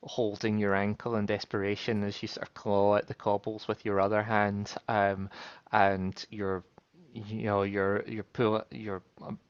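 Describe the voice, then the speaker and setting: Male player, slow and hesitant, smooth low voice on a dry, slightly muffled mic. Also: flat delivery, no echo. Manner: halting, filler-heavy storytelling. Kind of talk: narrating a tabletop game.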